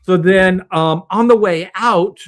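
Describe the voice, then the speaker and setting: A man's voice: high-pitched, takes it slowly. A middle-aged man from Southern California, casually telling a long anecdote over a video call and acting out the people in it. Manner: animated anecdote teller, acts out quoted voices. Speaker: comic book artist guest on a panel stream.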